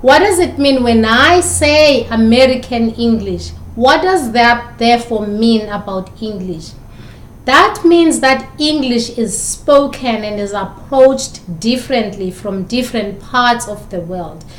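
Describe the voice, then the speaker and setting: A woman's voice: fairly high pitch, animated, takes it slowly, reverberant. A woman from South Africa with a South African accent, a communication instructor giving recorded lecture commentary full of probing rhetorical questions.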